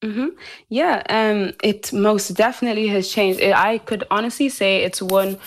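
A woman's voice: medium pitch, steady tone, moderate pace. A young adult woman, a university student speaking as a guest, reflective and earnest with frequent "like" and "you know". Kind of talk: casual interview chat.

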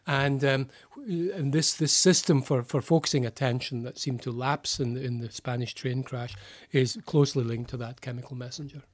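Scottish psychologist guest, mid-pitched male voice, thoughtful, halting explainer, radio interview.

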